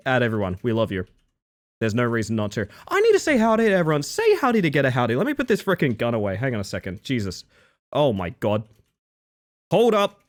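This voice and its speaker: A man streaming live, chatting casually and greeting his chat one by one with playful, jokey asides. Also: mid-range voice.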